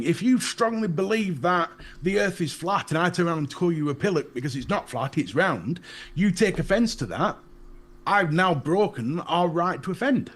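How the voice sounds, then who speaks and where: A man with a Northern English accent co-hosting a casual live chat show, ranting bluntly and swearing, laughing at his own jokes. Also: high voice. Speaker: podcast co-host.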